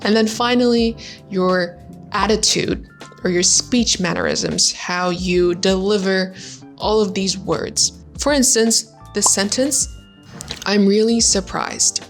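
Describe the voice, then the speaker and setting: Bright, positive young woman teaching pronunciation. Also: mid-range voice, sing-song, soft background music. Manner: bright and positive, demonstrates sounds slowly. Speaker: language-learning YouTuber. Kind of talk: casual teaching vlog.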